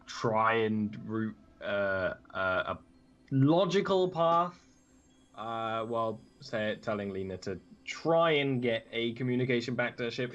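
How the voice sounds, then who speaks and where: A man's voice: medium pitch, fairly bright tone. Hesitant man playing a tabletop game. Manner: hesitant, halting with fillers. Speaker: player. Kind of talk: casual tabletop play. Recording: dull, muffled mic.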